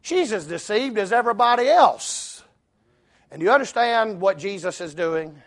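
A male preacher, delivering a sermon that swings from low asides to shouted climaxes. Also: lively intonation, moderate pace.

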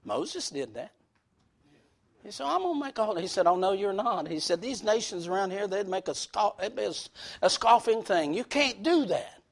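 A preacher man with a very high-pitched voice delivers a sermon. He talks in a folksy, plain-spoken way and quotes scripture. His delivery swings from soft, intimate lows to loud, shouted peaks. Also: sing-song, normal speed.

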